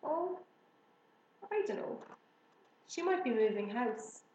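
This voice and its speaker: Good-natured storybook farmer dad, read by a woman, dry and teasing, slow. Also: a little high, lively intonation, a little mellow, echoey room, highs cut off, a little hiss or hum.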